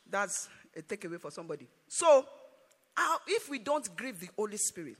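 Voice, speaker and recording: High, lively preacher man. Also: breathy edge. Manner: emphatic, sing-song preaching cadence. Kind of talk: sermon. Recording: echoey hall reverb.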